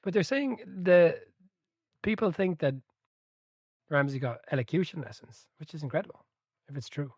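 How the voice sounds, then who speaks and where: A man hosting a book club podcast, chatting casually and telling stories with animated energy, laughing and swearing freely. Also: fairly high pitch, normal speed, long pauses, breathy edge, dry recording.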